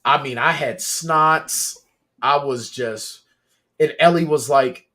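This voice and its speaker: A man co-hosting a podcast in casual chat, retelling scenes with lively, animated storytelling. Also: fairly high pitch, takes it slowly. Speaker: podcast co-host.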